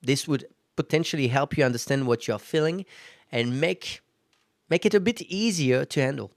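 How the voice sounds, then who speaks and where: Gravelly-voiced man hosting a solo podcast. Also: on the high side, moderate pace, no room sound. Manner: conversational, self-reflective, frequent fillers. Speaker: podcast host. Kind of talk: casual solo podcast monologue.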